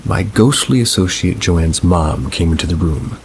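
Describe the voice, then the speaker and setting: A man reading first-person paranormal stories aloud in a measured, unhurried storytelling manner. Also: sits low, gravelly, a little hiss or hum, rough recording. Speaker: narrator.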